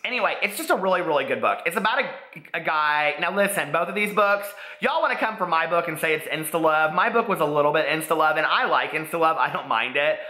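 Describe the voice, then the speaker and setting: A man's voice: a little high, expressive, fast, pushed and bright. A man, chatting casually about books he's read, gushing and full of "like"s. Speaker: booktube host. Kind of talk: casual book review vlog. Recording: echoey room.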